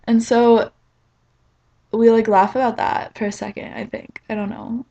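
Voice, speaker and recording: A woman's voice: on the high side, flat delivery, a little slow, creaky, mellow, dull audio. A young woman telling a rambling, self-mocking story in a casual vlog, filling it with "like.". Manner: chatty and rambling, heavy on "like". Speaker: vlogger.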